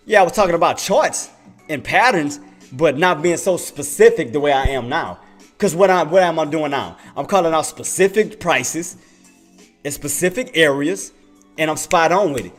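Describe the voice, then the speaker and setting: A man with a slightly high-pitched voice gives casual trading commentary to his livestream audience. He talks to them directly and leans hard on repetition, saying the same phrase again and again for emphasis. Faint music plays underneath. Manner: repetitive, emphatic, addresses viewers as y'all. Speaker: day trader and livestream host.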